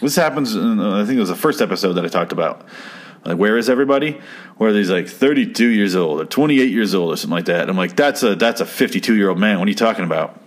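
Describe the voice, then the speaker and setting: A man's voice: on the low side, lively intonation, quick pace. A man reviewing an old TV episode in casual, profane commentary, sarcastic and rambling, acting out the lines he quotes. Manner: sarcastic, rambling, swears freely, acts out quotes.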